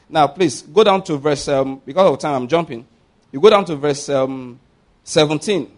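A man preaching a sermon, reading scripture aloud slowly and with rising emphasis, then explaining it briskly and addressing the congregation directly. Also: on the high side. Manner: addresses the congregation directly, asking them to repeat words. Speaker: pastor.

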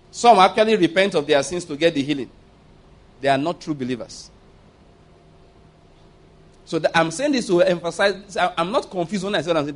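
A man delivering a sermon with a voice that sits on the higher side. He speaks emphatically, pauses to ask for amens and drifts into light laughter as he makes his points. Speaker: preacher.

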